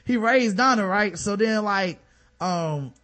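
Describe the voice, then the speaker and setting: Casual chat from a man co-host with a high-pitched voice. He talks in animated bursts, full of fillers, and slips into impressions as he tells stories. He sounds loose and excited. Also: slow pace. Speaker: podcast co-host.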